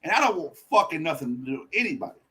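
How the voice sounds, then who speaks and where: Podcast guest, male, husky voice with lively swings in pitch, blunt and profane storyteller. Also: very fast. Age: adult. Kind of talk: candid personal storytelling.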